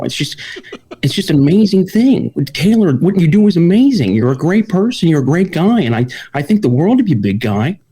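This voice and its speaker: A man's voice: high voice, mellow, slightly rough. A man co-hosting a podcast in a playful, mock-earnest, joking chat. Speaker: podcast co-host.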